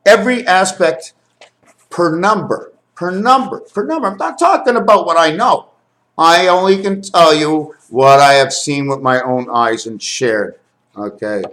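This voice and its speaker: A man talking to his camera in a rambling home video, counting numbers aloud, correcting himself and getting excited over what he finds. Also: fairly high pitch, measured pace. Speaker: video maker.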